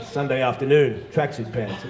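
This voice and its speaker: A man's voice: medium pitch, normal speed, over a noisy crowd, very noisy. Swearing Australian man doing stand-up. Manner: profane, rambling storytelling. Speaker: stand-up comedian. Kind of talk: stand-up comedy routine. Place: large exhibition hall stage. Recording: echoey live venue recording.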